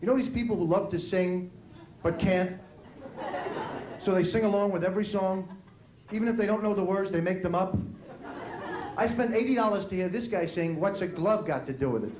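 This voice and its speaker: A stand-up comic with a New York accent, speaking in a high, punchy voice and dropping in loud shouted character bits. He performs on a club stage, and his voice echoes around the room. Crowd noise stays present behind him. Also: moderate pace, pauses often. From New York City. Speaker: stand-up comedian. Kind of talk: stand-up comedy routine. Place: comedy club stage with a laughing audience.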